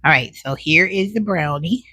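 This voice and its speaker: A woman's voice: sits low, expressive, pushed and bright, husky, no room sound. A woman doing a snack taste test in a casual, folksy chat, talking while she chews and humming over the food. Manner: talks while chewing, savoring with drawn-out hums; folksy, says "child" as an aside.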